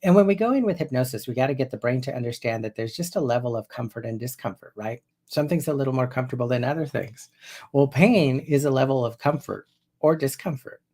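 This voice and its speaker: Hypnotherapist, 50s man, gravelly, chatty teaching tone, loose and rambling delivery. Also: medium pitch, lively intonation, fast, darkish tone. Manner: conversational and loose, often restarting sentences. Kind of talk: casual spoken teaching to viewers.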